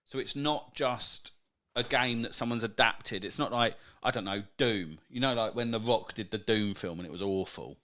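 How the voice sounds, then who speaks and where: A man's voice: on the low side, normal speed, sharp tone. Laid-back joking man, says mate. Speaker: podcast co-host. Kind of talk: casual chat.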